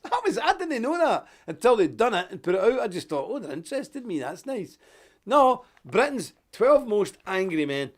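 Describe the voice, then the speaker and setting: A man from Ulster with an Ulster Scots accent, hosting a live show in an animated, chatty monologue and chuckling often. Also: high-pitched, fast, few pauses. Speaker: host.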